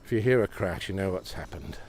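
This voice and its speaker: Chatty low-voiced man on a snowy night walk. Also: brisk, slight background noise. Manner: exclamatory, gently enthusiastic, often asks viewers questions. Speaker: live-stream vlogger. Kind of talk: chatty live walk narration to viewers. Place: outdoors on a snowy, windy city street at night. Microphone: iPhone on a gimbal.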